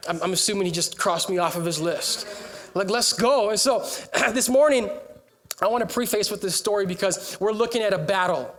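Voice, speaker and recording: A young man's sermon in a raised, high-pitched voice, breezy and conversational as he jokes with the congregation. He sometimes lifts his voice to a shout to get the room to answer. He speaks as a pastor addressing his church. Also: normal speed.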